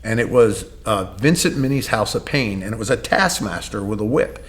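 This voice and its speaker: A man, a gym owner and coach, telling a long story in a podcast interview, acting out quoted dialogue with many pauses on "uh.". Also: fairly low pitch, expressive.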